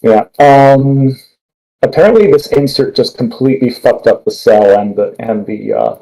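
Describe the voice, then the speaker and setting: A man's voice: mid-range voice, moderate pace, creaky, dark tone, poor audio. A young man on a voice call during a game, chatting casually and swearing at his own mistakes. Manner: frustrated, swearing over mistakes. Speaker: co-player on a voice call. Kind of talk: casual gaming chat.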